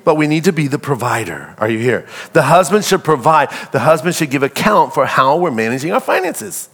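A man's voice: fairly high pitch, fairly quick, breathy edge. A middle-aged man preaching a sermon, calling out to the congregation and acting out little scenes in a loose, conversational way. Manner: call-and-response preaching, animated and conversational. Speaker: pastor.

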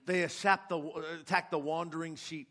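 A man's voice: fairly high pitch, fairly even intonation, moderate pace, sharp tone. A man preaching a sermon with passion, asking his congregation rhetorical questions. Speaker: pastor.

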